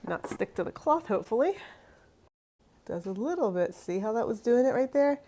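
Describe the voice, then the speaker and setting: A woman's voice: on the high side, very animated, moderate pace, mellow, a little hiss or hum. A woman hosting a home kitchen cheesemaking vlog, chatty and exasperated with a self-mocking streak. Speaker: cheesemaking channel host. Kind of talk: casual kitchen vlog talking to camera.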